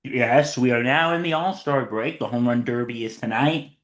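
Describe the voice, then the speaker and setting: A man's voice: medium pitch, moderate pace. A man co-hosting a casual sports podcast chat, joking and playful. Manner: joking, lively, does playful impressions. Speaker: podcast co-host. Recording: roomy echo.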